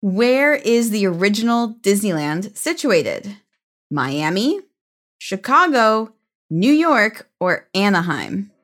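A woman's voice: mid-range voice, very animated, slow, a bit bright. A woman hosting a podcast in casual chat, upbeat and teasing. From United States. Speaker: podcast host.

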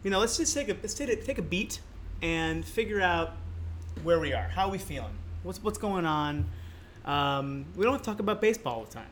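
Laughing, halting man co-hosting a podcast. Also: high-pitched, animated, a bit bright, slight background noise. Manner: laughs often, halting with many fillers. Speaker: podcast co-host. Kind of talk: casual chat.

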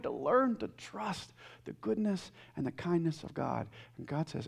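A young adult man delivers a sermon in an earnest, emphatic way. His voice sits high and carries a gravelly edge. He climbs to loud peaks, then drops soft and low, often restarting his words. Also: expressive, normal speed, few pauses. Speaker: pastor.

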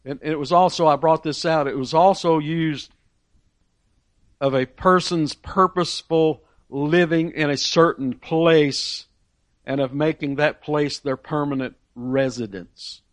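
A man's voice: on the high side, fairly even intonation, unhurried, no room sound, clean studio sound. A man preaching a sermon, asking rhetorical questions and repeating key phrases for emphasis.

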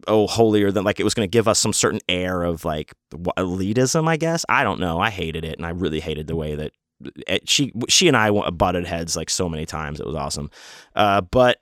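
A man's voice: deep voice, animated, brisk, a bit bright, dry recording, studio quality. A man telling a casual, rambling story full of swearing, fillers and restarts.

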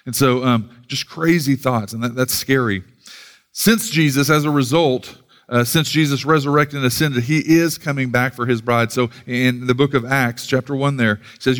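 A man's voice: a little high, normal speed, fairly bright tone. A man from the United States preaching a sermon, earnest, often repeating words as he starts a thought and reading scripture aloud. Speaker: pastor.

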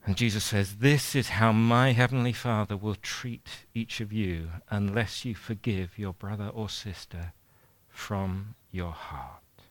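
A man preaching a sermon in a conversational way, retelling a parable with animated asides. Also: on the low side, measured pace, no echo.

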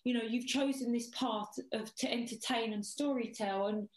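A woman guest, pitched a bit high, telling stories with animated ease and casual swearing. Her voice rings in a roomy, echoey space. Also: moderate pace. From Essex, England. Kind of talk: casual chat. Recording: echoey room.

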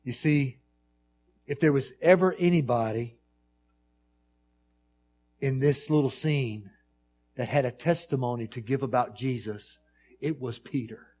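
A man preaching a sermon, moving between hushed pleading and loud, emphatic storytelling with repeated rhythmic phrases. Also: mid-range voice, measured pace, pauses often.

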